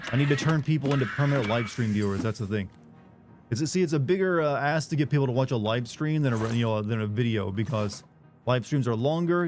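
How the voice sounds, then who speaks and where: A man's voice: medium pitch, a little mellow. Rambling, swearing male streamer. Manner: rambling, rapid filler-heavy chatter with swearing. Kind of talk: casual live stream chat.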